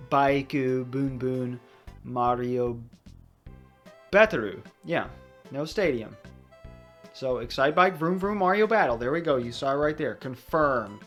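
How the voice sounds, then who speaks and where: A man's voice: fairly high pitch, fairly bright tone. A young man giving casual, rambling commentary over a video game he is playing, drifting into chatty asides. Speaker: let's play commentator.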